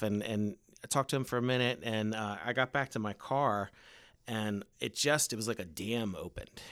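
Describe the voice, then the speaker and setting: A man as a podcast guest, telling a story in an earnest, halting way, with restarts and soft trailing ends. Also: lowish voice, no room sound, studio quality. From Baltimore area. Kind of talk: casual storytelling in a podcast interview.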